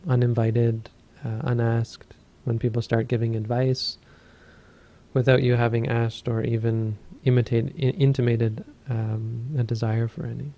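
A man who teaches Buddhism, giving a dharma talk and telling a story in a calm, measured way. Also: medium pitch, vocal fry.

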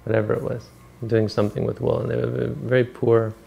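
A man giving a dharma talk, retelling a story in a relaxed, rambling way and correcting himself as he goes. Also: medium pitch, fairly quick, creaky. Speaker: meditation teacher.

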